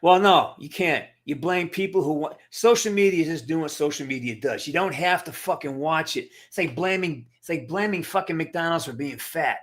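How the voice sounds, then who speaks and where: A man's voice: fairly high pitch, moderate pace, hardly any pauses. A middle-aged man hosting a livestream, ranting to his live chat in a blunt, profane, emphatic way and answering viewers' comments. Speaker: livestream host. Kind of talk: casual rant to live chat.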